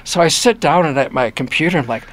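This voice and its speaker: Being interviewed, a retired-age man who once worked as a newspaper reporter reminisces casually about his reporting days, relaxed and talkative, with a Michigan accent. He animatedly performs the voices he quotes, his pitch leaping as he does, and frequently starts sentences over.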